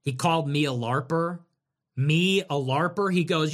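A man's voice: on the high side, unhurried. A man hosting a livestream, ranting in a sarcastic, mocking way to his chat. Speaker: livestream host. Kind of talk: livestream commentary rant.

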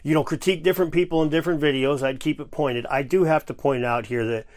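A man's voice: fairly high pitch, fast talker. Sarcastic, swearing man ranting. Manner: ranting, sarcastic, profane, animated. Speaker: video host reacting to a clip. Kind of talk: casual reaction commentary.

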